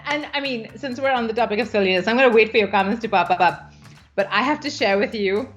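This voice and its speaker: Chatty woman hosting a live stream. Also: on the high side. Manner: chatty, playful, laughs easily. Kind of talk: casual live-stream teaching.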